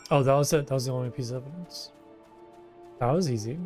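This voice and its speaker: A man's voice: medium pitch, fast, a little mellow, soft background music. A man casually commenting while streaming a game, with hesitant, mumbled asides at a close desk mic.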